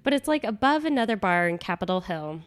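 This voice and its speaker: A woman's voice: mid-range voice, fast, clean tone. A young woman co-hosting a podcast in casual chat, with a nasal voice from a cold, talking chattily with lots of fillers. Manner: chatty, animated, frequent laughs and "like" fillers. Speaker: podcast co-host.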